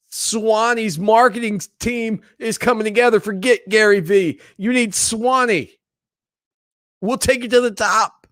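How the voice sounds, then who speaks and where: A man's voice: high-pitched, a little slow, fairly bright tone, no echo, studio quality. A man hosting a sports talk show in a casual, playful way, joking with viewers. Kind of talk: casual chat.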